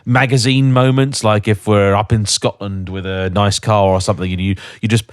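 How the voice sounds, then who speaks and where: A man's voice: fairly low pitch, normal speed, clean tone, dry recording, studio quality. Chatty man telling car stories. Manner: chatty storyteller, lively anecdotes. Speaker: podcast host. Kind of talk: casual chat.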